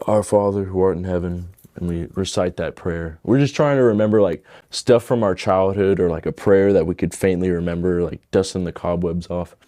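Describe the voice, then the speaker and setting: Deep-voiced young man telling his conversion story. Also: warm tone, no room sound, clean studio sound. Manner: casual, heavy use of "like" and "dude". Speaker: guest giving testimony. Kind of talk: personal testimony.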